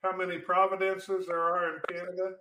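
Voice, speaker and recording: A man's voice: high-pitched, monotone, fairly quick, echoey room, far from the mic, background noise. A man co-hosting a chat show, joking and laughing often, often trailing off mid-sentence. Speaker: co-host. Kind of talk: casual chat.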